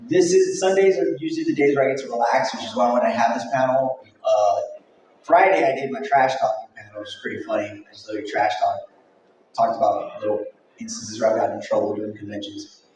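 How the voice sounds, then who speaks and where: A man's voice: medium pitch, brisk, a little mellow, a little hiss or hum. Guy running a convention panel, rambly and jokey, super echoey hall, sounds far from the mic. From Mexico. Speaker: convention organizer. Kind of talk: casual panel talk. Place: event hall.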